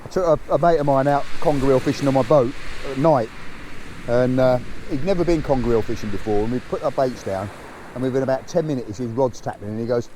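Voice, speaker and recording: Chatty angler by crashing surf. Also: male voice, medium pitch, fast talker, warm tone, slight background noise. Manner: chatty storyteller, acts out quotes. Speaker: fishing vlogger. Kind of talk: casual chat and anecdotes. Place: seafront beach at night, outdoors. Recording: outdoor mic with crashing surf.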